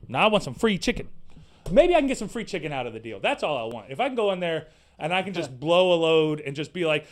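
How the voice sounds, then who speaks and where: High-voiced man ranting with profanity. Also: fast. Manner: animated, profane, exasperated ranting; sarcastic, slangy. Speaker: podcast host. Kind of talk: casual ranting monologue.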